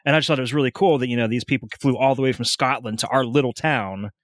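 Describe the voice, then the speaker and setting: A man's voice: medium pitch, fast, no room sound, clean studio sound. An American man co-hosting a casual podcast, reading film facts aloud with easygoing fillers. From United States. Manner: laid-back, reads notes aloud with fillers. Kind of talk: casual chat.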